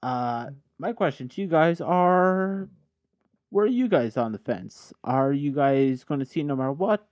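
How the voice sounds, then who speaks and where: A man's voice: a little high, expressive, measured pace, a little mellow, dry recording. A tipsy man hosting a casual podcast chat, rambling and correcting himself as he goes. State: tipsy from drinking. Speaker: podcast host. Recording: dull lo-fi sound.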